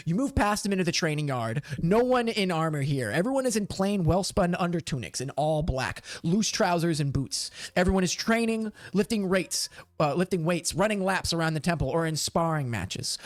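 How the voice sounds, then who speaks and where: A man's voice: fairly high pitch, moderate pace, dry recording. A man narrating a tabletop game as game master, rambling with many fillers and self-corrections.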